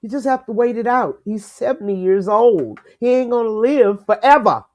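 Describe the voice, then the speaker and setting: Animated woman talking sports. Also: on the high side, normal speed. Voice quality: lively, emphatic, laughs easily. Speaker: co-host. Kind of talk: casual sports talk.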